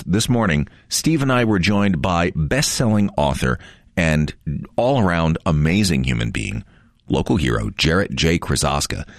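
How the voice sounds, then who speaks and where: A man's voice: extremely low pitch, dry recording, clean studio sound. A man hosting a radio show, chatting casually in a jokey, rambling, self-deprecating way. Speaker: radio host.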